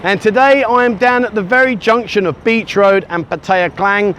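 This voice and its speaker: A middle-aged English man from the UK vlogs while walking on a sunny beachfront beside a busy road, filming himself with a handheld camera at arm's length. His high, slightly bright voice moves at a moderate pace as he chats casually and rambles with self-mocking asides. Faint traffic noise hums in the background.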